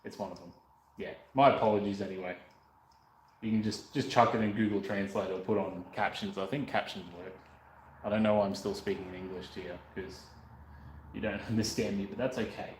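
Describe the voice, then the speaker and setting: A man's voice: fairly low pitch, steady tone, fairly quick. An Australian man from North Queensland, chatting casually and joking with rambling asides while working in his workshop. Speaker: motorcycle restoration vlogger. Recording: echoey room, faint background noise.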